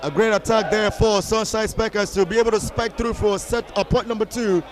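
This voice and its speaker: High-voiced excitable commentator. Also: male voice, brisk, background noise. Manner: excitable, bursts into shouts on big plays. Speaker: volleyball commentator. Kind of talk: live play-by-play commentary. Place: commentary box at an indoor sports hall.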